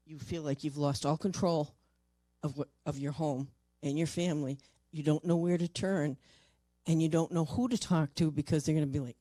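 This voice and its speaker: Telling a personal story in a halting manner, an older woman paranormal investigator repeats words and lowers her voice at tender moments. Her voice sits low and steady, with no echo.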